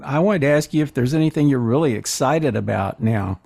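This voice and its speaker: A man's voice: medium pitch, lively intonation, fairly quick, gravelly, a little mellow. A man hosting an interview, politely steering toward the end of the show. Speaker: host.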